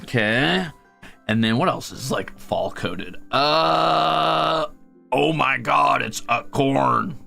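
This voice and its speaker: A man's voice: medium pitch, takes it slowly, creaky, sharp tone, faint music behind. A man streaming while he draws, chatting casually and rambling, muttering to himself and teasing his cat. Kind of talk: casual chat while drawing.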